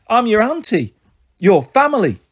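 A man's voice: high voice, big pitch swings, moderate pace, breathy edge, voice pushed up, full character voice. A man voicing a hearty, frank middle-aged aunt who runs a pub, in a raised voice. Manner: warm, jolly, frank. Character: hearty big-hearted woman pub landlady aunt, bustling.

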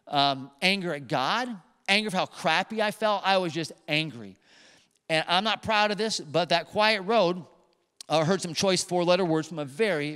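Animated pastor, high voice, big hall. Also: male voice, clear, resonant tone. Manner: animated storyteller, emphatic repetitions. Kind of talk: sermon storytelling. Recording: long hall reverb.

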